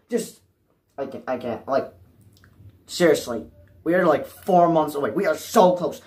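A man's voice: fairly high pitch, expressive, unhurried, long pauses, darkish tone, husky. Frantic young man ranting alone. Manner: anxious and exasperated, repeating himself, swinging from mutters to cries. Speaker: movie fan vlogger. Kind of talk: frantic solo rant.

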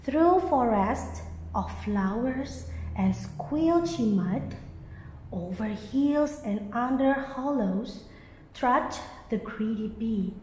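Teacher reading aloud: woman, unhurried, fairly high, roomy echo. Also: a little hiss or hum. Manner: slow, expressive read-aloud. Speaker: teacher and storyteller. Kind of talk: children's story reading. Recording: echoey, reverberant room.

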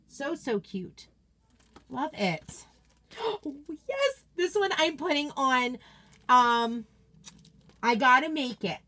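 A woman's voice: sits high, fairly bright tone. Gushing woman host. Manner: gushing, enthusiastic. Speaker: craft seller host. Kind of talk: casual livestream chat reading viewer comments.

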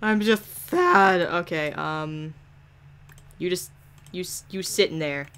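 A woman's voice: fairly low pitch, slow pace, fairly bright tone, smooth. A woman giving casual gameplay commentary, sarcastic and profane, ordering game characters around and muttering asides. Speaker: gaming YouTuber.

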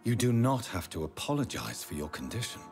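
An actor voicing a composed, formal male doctor in a video game, speaking in a measured, polite way. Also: on the low side, big pitch swings, soft background music.

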